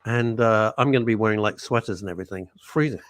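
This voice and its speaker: Over a noisy crowd, a man with a fairly low voice hosts a live radio show, talking quickly as he greets listeners. It's chatty banter full of rambling and jokes, and he reads out listener messages.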